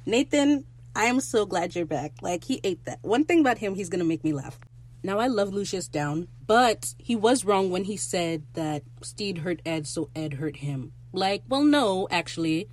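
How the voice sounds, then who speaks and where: Recap host: excitable, profane, wandering asides, casual delivery. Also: medium pitch, moderate pace.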